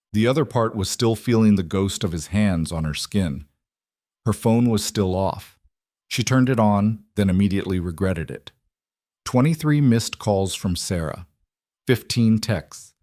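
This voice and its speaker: A man narrating a scripted romance story in an even, measured way. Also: on the low side, no room sound, studio quality.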